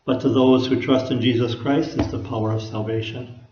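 A man's voice: mid-range voice, steady tone, brisk, mellow, a little hiss or hum. Folksy preaching man, echoey room. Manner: folksy, conversational preaching with rhetorical questions. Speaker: pastor. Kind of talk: sermon. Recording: echoey room, dull lo-fi sound.

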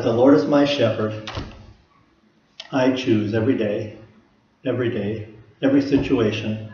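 A man preaching a sermon to a congregation, earnest and steady, asking rhetorical questions. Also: medium pitch, a little hiss or hum. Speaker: pastor. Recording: echoey room, slightly dull sound.

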